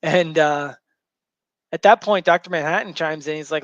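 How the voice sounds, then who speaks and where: A man's voice: on the high side, normal speed, a bit bright, dry recording, dull audio. A man hosting a show, casually retelling a story to a co-host in a loose, rambling way full of fillers. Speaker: show host recapping a comic.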